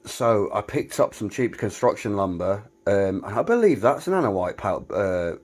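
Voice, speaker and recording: Brief: British man, low-ish voice, wry and chatty, vlog tour of a cramped garage workshop. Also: sing-song, normal speed, darkish tone. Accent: British English. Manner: chatty, self-mocking, wry humor. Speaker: woodworking maker giving a shop tour. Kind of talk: casual vlog walkthrough.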